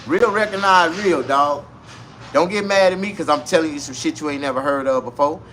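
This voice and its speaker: Guy going off on a crude comic rant, high bright voice, bit of hiss behind. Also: brisk. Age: 40s. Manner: loud, crude, animated street slang. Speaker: vlogger. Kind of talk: casual comedic rant to camera.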